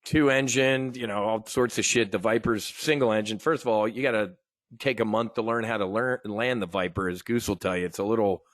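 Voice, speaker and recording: A middle-aged American man hosting a live options trading show, talking in a rambling, opinionated way with frequent restarts and throat clearing. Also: fairly low pitch, fairly even intonation, brisk, fairly bright tone, no room sound, studio quality. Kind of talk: casual live market commentary.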